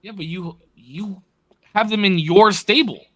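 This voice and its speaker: A man's voice: high-pitched, unhurried, a bit bright, no echo. A young man co-hosting a casual podcast, asking the questions with blunt, teasing jabs and free swearing. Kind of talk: casual chat.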